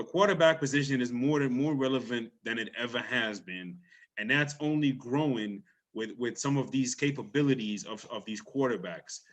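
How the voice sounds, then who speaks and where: Man, sports show host, island accent, lively, casual, mid-pitched. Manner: energetic, loose, playful with repeated restarts. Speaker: podcast host.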